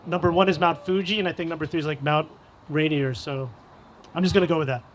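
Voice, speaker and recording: A man's voice: fairly high pitch, fairly even intonation, fast talker, a little hiss or hum. Upbeat man hosting a live panel. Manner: upbeat, informative. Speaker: podcast host. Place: live event at a cafe.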